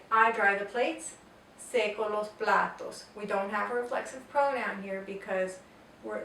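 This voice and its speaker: A woman's voice: medium pitch, pushed and bright. A woman teaching a Spanish grammar lesson, explaining patiently and step by step with example sentences. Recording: roomy echo, distant mic, faint noise.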